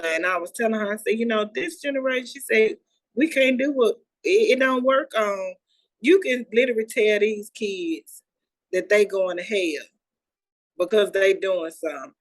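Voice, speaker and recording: A woman co-hosting a podcast, telling a story in loose, conversational vernacular. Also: mid-range voice. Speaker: podcast co-host. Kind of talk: casual chat.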